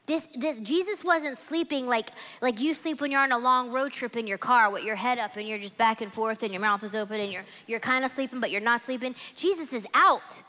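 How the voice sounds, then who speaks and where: Woman, high voice, sermon, animated conversational storytelling, reverberant hall. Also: brisk, hardly any pauses. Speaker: women's ministry speaker. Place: church event hall with audience.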